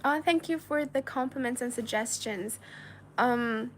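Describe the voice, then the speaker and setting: A woman's voice: on the high side, measured pace, a little hiss or hum. A woman from China hosting a casual livestream, reading viewer messages aloud in a chatty, giggly way with lots of filler words. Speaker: livestream host.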